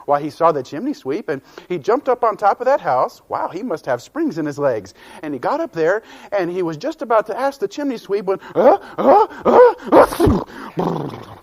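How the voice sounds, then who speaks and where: A man telling a children's story in an animated, folksy way, with asides to the listeners. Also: high-pitched, fairly quick, hardly any pauses.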